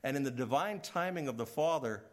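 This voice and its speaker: A middle-aged male pastor preaching a sermon, swinging between loud emphatic rises and hushed, trailing low lines. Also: lively intonation, brisk.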